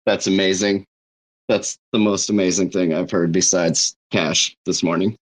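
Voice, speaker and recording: A man's voice: sits low, steady tone, measured pace. A man in a casual online audio chat, talking bluntly and dismissively with lots of swearing. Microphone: online audio call.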